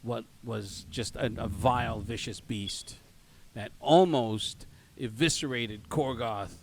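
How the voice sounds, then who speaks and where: Game master, male, mid-pitched voice, halting narration full of fillers, light background noise. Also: gravelly. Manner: hesitant, many fillers and self-corrections.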